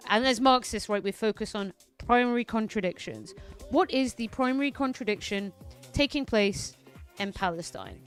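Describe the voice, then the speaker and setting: A woman streamer ranting through casual political commentary, heated and profane. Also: medium pitch.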